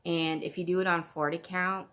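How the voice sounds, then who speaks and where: A woman from Canada hosting a craft podcast at home, chatting casually in a gushing, excitable way. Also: fairly low pitch, moderate pace. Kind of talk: casual chat.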